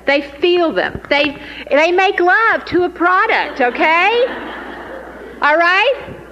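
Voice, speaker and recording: A woman leading a sales training session, lively and teasing as she talks straight to the group. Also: high voice, long reverb tail, a little hiss or hum, poor audio.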